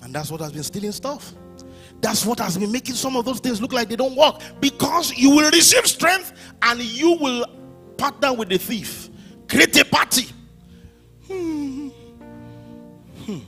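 A man preaching a sermon as pastor, swinging from hushed lines to shouted ones. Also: very high voice, lively intonation, unhurried, pauses often, soft background music.

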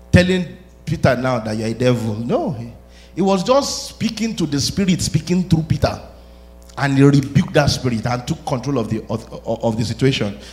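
A man preaching a sermon, animated, rising to shouts and laughing between his points. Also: medium pitch.

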